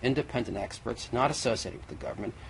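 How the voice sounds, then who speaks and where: A man's voice: mid-range voice, fast, creaky. A man arguing as a guest in a televised debate, insistent and methodical, in an old TV recording. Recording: faint noisy old TV recording.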